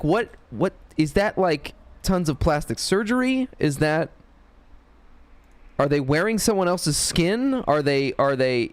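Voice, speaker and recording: A man's voice: fairly high pitch, no room sound. A man streaming a game, talking casually in a rambling, profane way. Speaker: gaming streamer.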